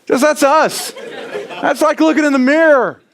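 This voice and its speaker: A middle-aged man preaching a sermon in a church, animated and self-deprecating, often tossing in "right?" to the congregation. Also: very high voice, normal speed, a faint crowd, a little hiss or hum. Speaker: pastor. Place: church sanctuary.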